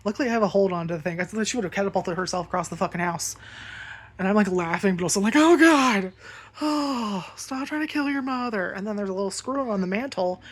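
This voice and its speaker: A woman's voice: mid-range voice, very fast. Rambling woman telling a storytime rant. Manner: rambling, swears freely, lots of fillers. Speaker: vlogger.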